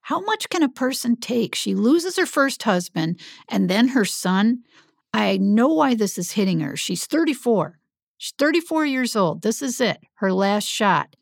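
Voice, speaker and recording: Anguished smith, male, pleading and raising his voice, read by a woman narrator in her own slightly higher, gravelly storybook voice. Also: sing-song, measured pace, no echo, studio quality, full character voice. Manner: pleading, rising to shouting. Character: anguished adult man, a smith.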